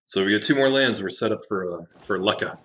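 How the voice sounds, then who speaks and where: A man giving casual commentary on his own card game, thinking out loud, laughing often and swearing now and then. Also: fairly low pitch, fast. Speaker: Magic Arena drafter, channel host.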